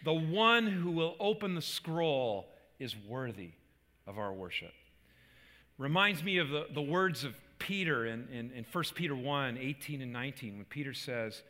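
A man's voice: fairly high pitch, bright, forceful tone, in a large hall. A man preaching a sermon as a pastor, earnest, with repeated restarts and emphatic peaks.

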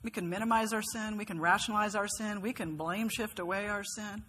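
A woman's voice: mid-range voice, fairly even intonation, brisk, a bit bright, breathy edge, long reverb tail. A woman giving a sermon who talks earnestly and keeps asking her listeners questions. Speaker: preacher.

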